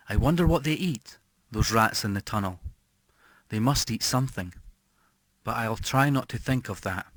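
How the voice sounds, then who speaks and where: A man narrating a horror story as an audiobook reader, slow and brooding, dropping to a hush on key words. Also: lowish voice, no echo.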